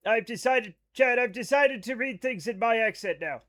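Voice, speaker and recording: A man's voice: extremely high pitch, expressive, normal speed, hardly any pauses, a bit bright. An American man in his thirties streaming a game live, joking casually and reading chat aloud. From United States. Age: 30s. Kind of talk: casual chat while gaming.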